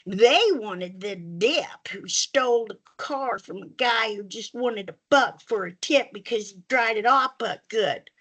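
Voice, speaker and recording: A woman's voice: medium pitch, unhurried, hardly any pauses, a bit bright. A woman reading her own comic personal story aloud at a reading, with folksy Southern turns of phrase. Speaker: student reader. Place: reading event room.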